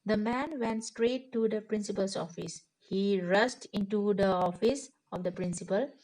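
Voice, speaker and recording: A woman's voice: mid-range voice, darkish tone, poor audio. A woman teacher, reading a story aloud to a class and then retelling each sentence in simple words. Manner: unhurried, patient classroom explaining with frequent restarts. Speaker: schoolteacher.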